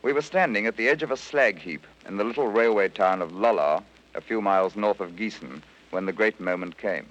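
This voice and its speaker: A man, a former prisoner of war, giving a measured, scripted first-person account for radio. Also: lowish voice, a bit bright. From Britain. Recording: dull archival radio recording.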